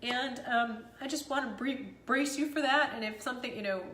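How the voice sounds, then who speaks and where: A woman in her thirties, a mother, vlogs about a hard day in a high-ish, slightly quick voice with a fairly bright tone. Teary after crying, she rambles emotionally, laughs at herself, and pokes fun at herself as she goes. The recording sounds roomy, with a faint hiss or hum.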